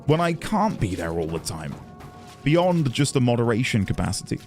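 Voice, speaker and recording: A man's voice: mid-range voice, very animated, normal speed, darkish tone, soft background music. Chatty man streaming a game. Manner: reflective, chatty, thanking viewers. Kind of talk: casual gameplay commentary.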